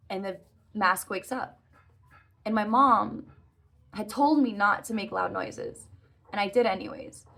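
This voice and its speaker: A woman speaking at a middle pitch in a relaxed, unscripted monologue. She talks earnestly and rambles a little, breaking off and restarting as she works through a long story. Fillers like "uh" and "like" keep it loose and conversational. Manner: earnest, rambling, self-correcting with frequent "like" and "uh". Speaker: vlogger recounting a dream.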